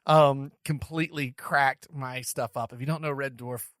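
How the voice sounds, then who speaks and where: A man's voice: mid-range voice, fairly even intonation, normal speed, fairly bright tone, no room sound, studio quality. A man hosting a casual podcast chat, telling stories animatedly and repeating words as he thinks. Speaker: podcast host.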